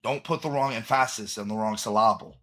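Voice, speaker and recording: A man's voice: on the low side, a little fast, pushed and bright. A man co-hosting a podcast in casual chat, opinionated and emphatic, often restarting his sentences. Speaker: podcast co-host.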